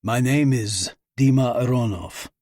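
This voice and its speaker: Give me a man playing a hulking Russian tough guy with a heavy Russian accent, slow and low. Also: darkish tone, no echo, studio quality, natural voice. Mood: deadpan. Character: huge gruff Russian immigrant man, blunt.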